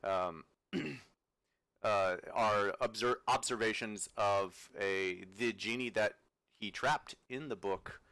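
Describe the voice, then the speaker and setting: A man narrating a tabletop game as game master, halting and full of fillers. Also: on the low side, pushed and bright, clear, resonant tone, no echo, low-quality recording. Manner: halting, many fillers and restarts.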